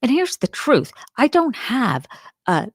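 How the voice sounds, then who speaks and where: A woman's voice: on the high side, big pitch swings, slow pace, husky, no echo, clean studio sound. A woman hosting a crime show, giving casual, candid opinions and thinking aloud as she talks.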